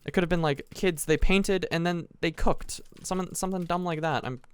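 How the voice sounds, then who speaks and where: A teenage boy telling a long, rambling story as casual commentary over a game he is playing, animated, restarting sentences and adding asides. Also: high voice, brisk, clean tone. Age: teens. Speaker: gaming channel host.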